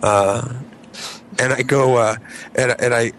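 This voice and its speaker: A man's voice: slow, a little hiss or hum. A man telling a long story on a podcast, acting out his friends' lines. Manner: animated, acts out quoted friends in high voices. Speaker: podcast co-host. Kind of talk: casual storytelling.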